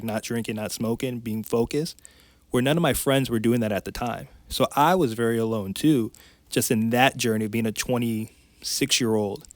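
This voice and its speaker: A man's voice: medium pitch, no echo. Man, podcast guest, frank heartfelt storyteller, dry close sound. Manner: candid and emotional, tumbling phrases with restarts. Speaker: podcast guest, life coach. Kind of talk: personal storytelling in conversation.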